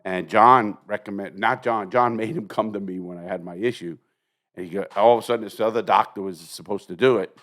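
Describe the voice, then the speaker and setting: An older American man with a lowish voice hosts a casual podcast chat. He tells stories bluntly and profanely, acting out the voices of the people he quotes. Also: brisk, fairly bright tone. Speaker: podcast host.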